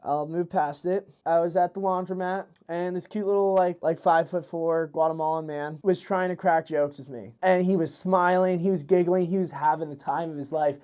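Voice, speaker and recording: A man's voice: a little high, fairly even intonation, normal speed, few pauses, darkish tone, clear, resonant tone. A young man hosting a podcast, rambling through a crude comedic monologue with lots of fillers and restarts. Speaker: podcast host. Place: New York City.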